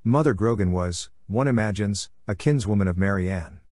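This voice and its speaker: A man reading an audiobook voices a grave, brooding young male scholar with a measured delivery, in a dry studio sound. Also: fairly low pitch, a little mellow, dry recording, lightly acted.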